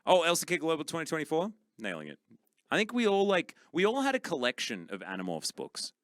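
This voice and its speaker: A man's voice: on the high side, huge pitch swings, brisk, a bit bright, no echo. A man casting esports, chatting casually and teasing his co-caster with dry humor. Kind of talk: casual chat between co-casters.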